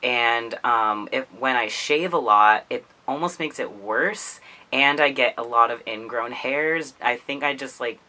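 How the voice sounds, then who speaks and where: A man's voice: mid-range voice, unhurried, sharp tone, low-quality recording. A man talking casually to camera in a vlog. He is chatty, fills his talk with "like" and laughs often. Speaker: vlogger.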